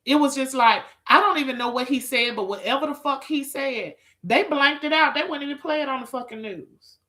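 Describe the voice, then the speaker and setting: A woman's voice: high-pitched, fairly quick, pushed and bright. A woman chatting with viewers on a live stream, sassy and profane, calling people girl, child and honey. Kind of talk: casual live-stream chat.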